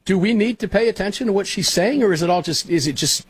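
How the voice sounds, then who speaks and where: A man hosting a political talk panel, lively and teasing, often throwing in quick interjections. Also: high-pitched, husky. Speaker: talk show host.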